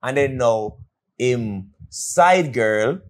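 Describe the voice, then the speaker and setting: Animated Jamaican man. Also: medium pitch, extremely slow. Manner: animated storytelling in patois, teasing, swearing. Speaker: podcast co-host. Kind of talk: casual chat.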